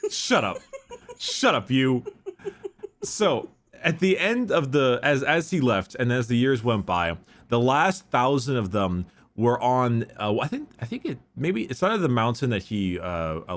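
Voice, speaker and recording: A man's voice: medium pitch, big pitch swings, normal speed, hardly any pauses. A man casually retelling a story on a podcast, rambling with lots of fillers. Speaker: podcast host retelling lore.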